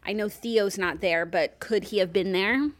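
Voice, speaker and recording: Young woman, podcast co-host, mid-pitched, chatty, teasing. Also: moderate pace. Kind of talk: casual chat.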